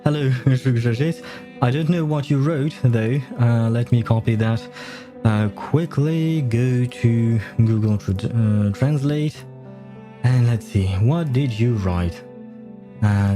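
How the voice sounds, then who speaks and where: A mellow, medium-pitched man chats casually on a live stream, rambling with lots of fillers, self-corrections and laughter. English isn't his first language. Faint game music plays behind him.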